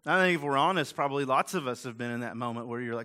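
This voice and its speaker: A man's voice: mid-range voice, very fast, hardly any pauses, sharp tone. A male pastor giving a chatty, conversational sermon full of asides and rhetorical questions. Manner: casual, chatty and self-deprecating, with frequent "like" and "right?".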